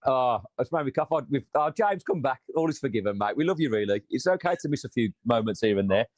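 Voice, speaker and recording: A man's voice: mid-range voice, animated, fast talker, dry recording. A man co-hosting a football fan chat, teasing his friend with banter. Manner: teasing, banter-heavy, swears. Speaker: football fan channel co-host. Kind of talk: casual chat.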